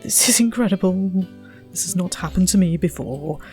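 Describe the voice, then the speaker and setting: A woman's voice: fairly low pitch, expressive, normal speed, warm tone, soft background music. A woman giving casual gameplay commentary, chatty and self-mocking, muttering to herself and the animals. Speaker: let's play gamer.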